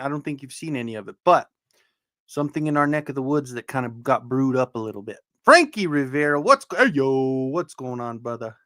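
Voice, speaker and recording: A man hosting a casual livestream, loudly joking and greeting viewers in the chat by name. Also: a little high, dry recording, clean studio sound. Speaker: livestream host.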